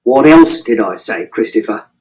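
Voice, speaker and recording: A man's voice: huge pitch swings, normal speed, poor audio. A man voicing a stern, volatile middle-aged father who swears and grows furious, in an audiobook reading. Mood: angry. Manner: low, tight, swearing, fury building from a quiet start.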